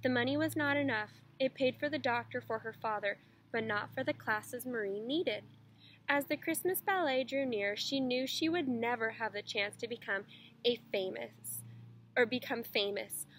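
A teacher reading a children's picture book aloud in a steady, expressive storytelling manner. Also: female voice, on the high side, a little hiss or hum, low-quality recording.

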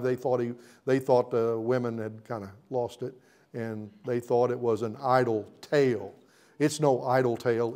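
A man's voice: medium pitch, darkish tone. A middle-aged man, a pastor, preaching an emphatic sermon in a church, building with repeated rising phrases. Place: church sanctuary.

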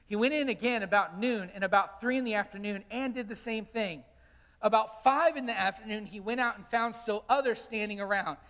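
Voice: mid-range voice, a little fast, a bit bright, long reverb tail. A pastor preaching a sermon, telling stories and animatedly acting out the quotes. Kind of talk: sermon with storytelling. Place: church sanctuary.

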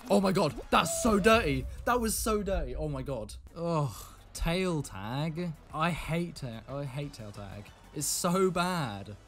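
A young man giving live gameplay commentary, excitable, swinging from muttered asides to yelling at the game. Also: on the high side, slow, hardly any pauses. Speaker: gaming video creator.

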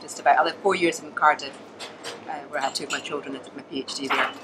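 Glaswegian woman, lively storyteller. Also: low voice, quick pace, heavy background noise. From Scotland. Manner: animated storyteller, acts out quoted voices. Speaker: comedian guest. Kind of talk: casual chat.

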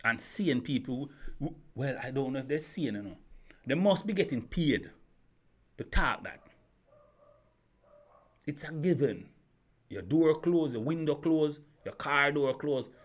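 A man's voice: fairly high pitch, expressive, unhurried, pauses often. A man giving an opinion monologue as a YouTube commentator, firing rhetorical questions, repeating himself and stumbling over restarts.

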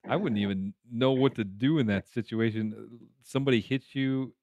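A man's voice: mid-range voice, moderate pace, darkish tone, no echo, lo-fi sound. A man hosting a motorcycle live stream, asking questions and reading the chat in a casual, friendly way.

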